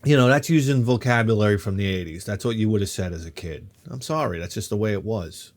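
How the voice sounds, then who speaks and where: A man in his fifties telling a rambling comic story as a vlogger, animated and quick to swear, jumping from one tangent to the next. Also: fairly low pitch. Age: 50s. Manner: animated, swears freely, jumps between tangents.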